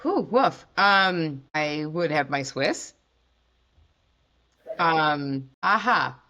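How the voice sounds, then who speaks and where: Low-voiced chatty woman podcast host. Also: extremely slow, a little hiss or hum. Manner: animated, chatty with fillers. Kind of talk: casual chat.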